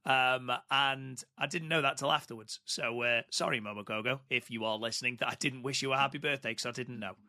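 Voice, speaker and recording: A man co-hosting a casual podcast who talks with easy enthusiasm. His voice has a bright, forward edge, and it is recorded dry and close with no room echo. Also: medium pitch, steady tone, fairly quick, hardly any pauses. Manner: chatty and enthusiastic. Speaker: podcast co-host.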